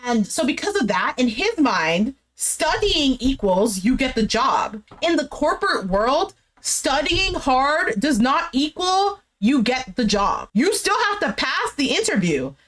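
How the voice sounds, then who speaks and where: A woman's voice: high voice, sing-song, a little slow, hardly any pauses, a bit bright. A woman giving a casual, opinionated recap of a dating show, talking animatedly and filling her speech with "like". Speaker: recap host.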